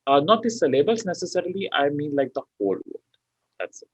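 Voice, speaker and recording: A man's voice: on the high side, sing-song, fast, breathy edge, rough recording. A male tutor teaching a live online exam class, explaining step by step with frequent fillers like "okay" and "you know".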